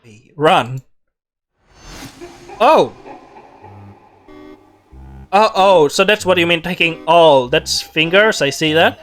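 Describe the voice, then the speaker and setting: A man reading a game's story text aloud and breaking off for quick reactions and asides. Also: sits high, fairly bright tone. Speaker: gamer reading a visual novel aloud.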